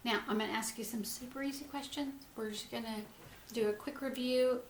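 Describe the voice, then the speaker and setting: A woman teaching a phonics lesson to young children, sounding out words letter by letter and gently encouraging them. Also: fairly high pitch, steady tone, fairly quick, slight background noise. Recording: echoey room with faint ambience.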